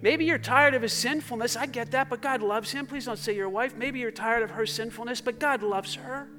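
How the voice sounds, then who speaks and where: A male pastor preaches to his congregation in a very high-pitched, slightly fast voice, alternating fervent exclamations with hushed passages and tossing in jokey asides. Soft music plays in the background.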